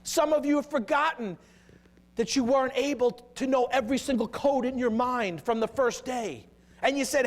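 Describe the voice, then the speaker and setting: A man's voice: extremely high pitch, normal speed. A middle-aged man giving a motivational keynote to a live audience, energetically leading the crowd in chanted affirmations. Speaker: keynote speaker. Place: conference hall with a live audience.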